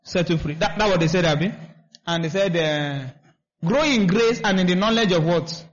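High-voiced preacher, lo-fi. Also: male voice, moderate pace. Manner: repetitive, asks the congregation to finish his lines. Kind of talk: sermon. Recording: dull lo-fi recording.

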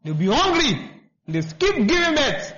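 A man's voice: extremely high pitch, sing-song, a little slow, a bit bright. A man preaching a sermon, repeating himself and asking the congregation to finish his lines. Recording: dull lo-fi recording.

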